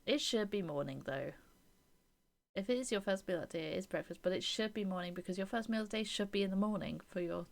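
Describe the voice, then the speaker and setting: A woman's voice: medium pitch, fast, gravelly. Chatty woman streamer. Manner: chatty and opinionated, with giggles and soft whispered asides. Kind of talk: live-stream game commentary, reading game text aloud.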